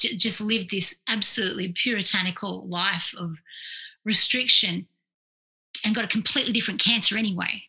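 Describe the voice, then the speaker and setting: A woman's voice: mid-range voice, breathy edge, rough recording. An Australian woman in her forties, a clinical psychologist telling stories as a podcast guest, acting out the people she quotes. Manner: animated storyteller who acts out quoted voices. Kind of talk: podcast interview, anecdotal storytelling.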